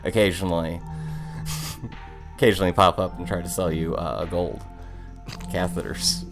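A man co-hosting a comedy podcast, rambling through hesitant fillers and breaking into laughter often. His voice sits fairly low, and he talks in a slow, unhurried way. Faint music plays behind him. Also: fairly even intonation. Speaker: podcast co-host. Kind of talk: casual comedic banter.

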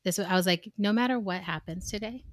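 A woman's voice: medium pitch, fast talker, no room sound, studio quality. A woman co-hosting a casual chat, candid and emotional, often laughing and acting out quoted exchanges.

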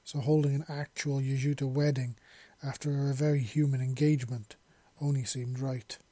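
Husky man reading a story. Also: medium pitch, normal speed, dry recording. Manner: steady reading with small slips and restarts. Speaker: narrator. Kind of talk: amateur fiction reading.

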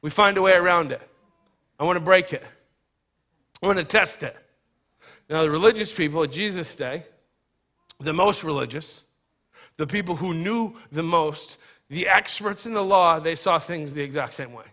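A man preaching with a high, bright voice. He is emphatic and shifts from loud urgency to quiet, low stress. He acts out quoted voices in a casual way. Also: normal speed, pauses often. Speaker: pastor. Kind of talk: sermon.

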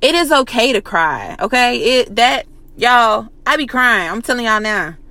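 A woman's voice: a little high, animated, unhurried, bright, forceful tone, no room sound. Profane, pep-talking woman. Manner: blunt, profane, repeats phrases for emphasis. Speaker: motivational vlogger. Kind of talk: casual motivational pep talk.

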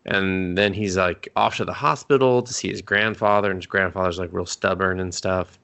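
A man's voice: sits low, steady tone, moderate pace, gravelly, a bit bright. A man co-hosting a podcast, casually recapping an anime in a rambling way, full of fillers and cursing. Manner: rambling, many fillers and restarts, swears freely. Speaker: podcast co-host.

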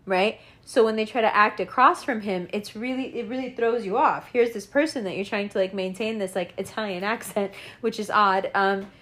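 A woman talking casually in an animated, profane rant, laughing and doing mocking impressions. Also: fairly high pitch. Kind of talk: casual rant about actors.

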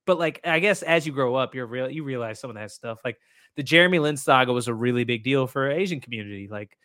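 A young man from Indiana chatting casually on a podcast, animated and joking with lots of fillers. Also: medium pitch, fast, no room sound, studio quality. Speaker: podcast co-host. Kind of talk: casual chat.

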